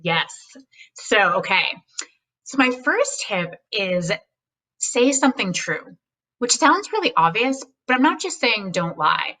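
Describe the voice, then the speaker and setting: A woman speaking as a guest, giving casual, animated advice on speechwriting and mimicking voices now and then. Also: fairly high pitch, slow pace, recorded from a distance, low-quality recording. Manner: animated, acts out quoted voices, speaks frankly.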